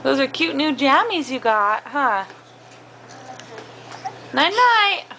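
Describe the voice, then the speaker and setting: Mom at home, high bright sing-song voice, slow coaxing baby talk. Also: female voice, lively intonation, a little hiss or hum. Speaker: mother. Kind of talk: home video chat with toddlers.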